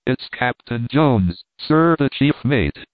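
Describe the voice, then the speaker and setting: Plain-spoken deck sweep, voiced by a male narrator, slow and folksy, phone-thin sound. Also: medium pitch, expressive, no room sound. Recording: dry, tinny phone-like sound.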